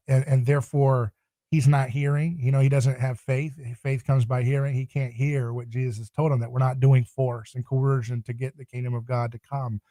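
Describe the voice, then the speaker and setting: A man talking casually as a podcast guest, animated and acting out quoted voices. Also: medium pitch, no room sound, clean studio sound. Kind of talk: casual theological discussion.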